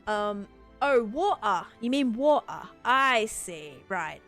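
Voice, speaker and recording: Woman, live streamer, chatty, playful, thanks viewers, bright higher voice, lively pitch. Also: slow pace. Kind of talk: casual live-stream chat while playing. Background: faint background music.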